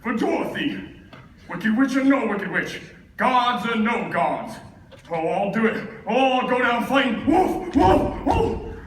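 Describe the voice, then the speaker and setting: A man's voice: high-pitched, measured pace, fairly bright tone. A man playing a timid, blustering lion on a school stage, with comic, quavering whimpers. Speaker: stage actor in a school musical. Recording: distant phone recording in an echoey auditorium with music.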